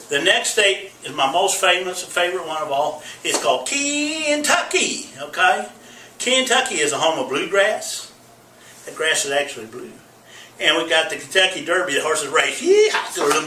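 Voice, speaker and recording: A man's voice: on the high side, bright, forceful tone, slight background noise. A man giving a folksy, comic explainer, often whooping and making goofy sound effects, and checking in with okay after each point. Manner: hollers yeehaw and makes goofy sound effects; repeats okay often, teacher-like. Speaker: comedic vlogger. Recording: echoey room, voice far from mic.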